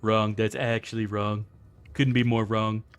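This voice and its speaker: During a live game stream, a young man swears casually while joking with his chat and commenting on play. His voice is fairly low, smooth and level, and he talks at an unhurried pace.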